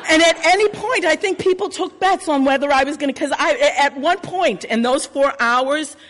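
A woman's voice: high voice, normal speed, fairly bright tone, slight background noise. A woman telling a personal story live, brash and swearing freely as she acts out scenes. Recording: long hall reverb.

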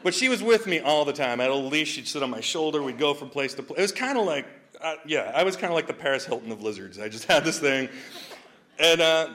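On stage, a young adult comedian shares personal stories with jokes, filling his speech with fillers and frequent laughter. His fairly high voice is expressive, quick, bright and forceful.

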